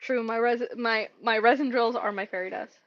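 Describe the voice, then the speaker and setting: Chatty high-voiced woman streaming crafts. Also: fairly even intonation, normal speed, muffled recording. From Mexico. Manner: chatty, rambling, many fillers. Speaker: craft shop owner streaming. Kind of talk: casual live-stream chat while working.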